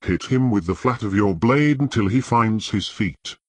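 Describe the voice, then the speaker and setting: Audiobook: man reading a contemptuous drill master, cold and cutting, low and dry. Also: moderate pace, darkish tone, breathy edge, dry recording. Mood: sneering. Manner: taunting, contemptuous. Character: cold, sharp-voiced, sneering male master-at-arms.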